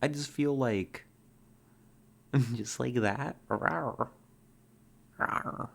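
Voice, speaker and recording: A woman streaming a game, chatting casually and excitedly, laughing often and making playful growling noises. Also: rumbling low, slow, creaky. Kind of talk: casual live-stream commentary.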